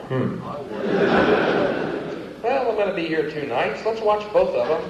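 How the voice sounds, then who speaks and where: A tired stand-up comedian on a club stage, with lively, swooping intonation and sardonic, exasperated rants. The audience bootleg recording is muffled and echoey, with loud crowd ambience. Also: male voice, a little high, moderate pace, distant mic, heavy background noise. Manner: sardonic, exasperated rants with sudden shouted bursts. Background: audience and room ambience.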